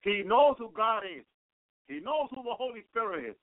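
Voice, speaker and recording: Fervent male radio preacher, high voice, dry close sound, repetitive praise. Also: sing-song, normal speed, no room sound. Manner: repeats phrases, fervent exclamations of praise. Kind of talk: sermon. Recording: tinny phone-like radio broadcast.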